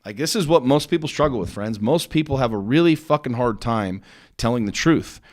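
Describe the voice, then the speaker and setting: A man's voice: mid-range voice, animated, a little fast. A middle-aged man delivering a motivational monologue on his own podcast. He speaks bluntly and with intensity, swears freely, and hammers points home by repeating his words. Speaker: podcast host and business coach.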